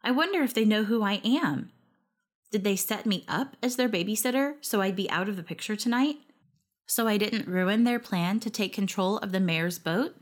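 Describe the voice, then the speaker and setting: A woman narrating a first-person story in a wry, lively storytelling manner. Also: medium pitch, normal speed.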